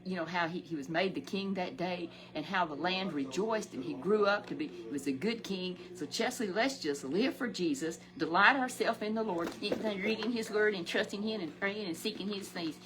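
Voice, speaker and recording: A woman's voice: lowish voice, moderate pace, few pauses, low-quality recording. A woman telling a Sunday Bible story to a companion, talking in a homely way that repeats and stumbles over words. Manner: repetitive, stumbling, homely exclamations.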